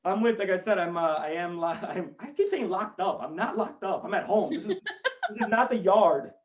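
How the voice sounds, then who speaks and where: A man's voice: high voice, expressive, normal speed, distant mic, lo-fi sound. A male stand-up comedian doing a chatty, rambling set from his home over a video call, with self-deprecating asides. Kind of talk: stand-up set for an online show.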